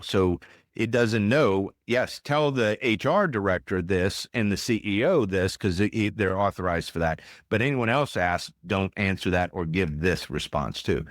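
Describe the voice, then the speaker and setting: A man hosting a podcast interview, telling lively anecdotes in a casual way. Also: low voice, no echo, clean studio sound. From United States. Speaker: podcast host.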